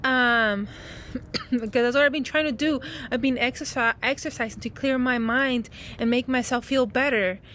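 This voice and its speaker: A woman's voice: on the high side, normal speed, a bit bright, slight background noise. A woman talking outdoors as a spiritual coach in a casual, heartfelt vlog, rambling and comforting with many fillers.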